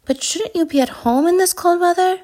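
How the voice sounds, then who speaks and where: A woman's voice: very high voice, fairly quick, a little mellow, pitched above the performer's own voice. A woman voicing a friendly male otter in a storybook reading, chirpy and cheerful.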